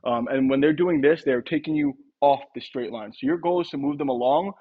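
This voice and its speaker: A young sales trainer explains a sales method in a casual, quick instructional talk, occasionally acting out short sample dialogues. His medium-pitched voice is husky and narrow, and the audio sounds tinny.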